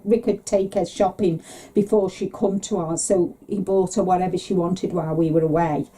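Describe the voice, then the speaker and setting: A middle-aged woman co-hosting a podcast in casual, rambling chat, sometimes mimicking relatives in a higher voice. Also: fairly even intonation, normal speed, few pauses, dark tone. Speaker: podcast co-host.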